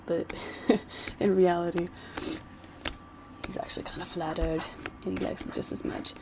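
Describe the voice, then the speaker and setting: Gravelly-voiced woman gushing about anime. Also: fairly low pitch, flat delivery, moderate pace, background noise. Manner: giggly, rambling, gushing fan. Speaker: vlogger. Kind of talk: casual chat while doodling.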